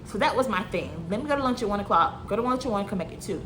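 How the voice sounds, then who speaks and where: A woman's voice: medium pitch, slight background noise. Chatty woman telling a storytime tale. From Florida. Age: 30s. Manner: animated, acts out dialogue in quick bursts. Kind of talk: casual storytime vlog.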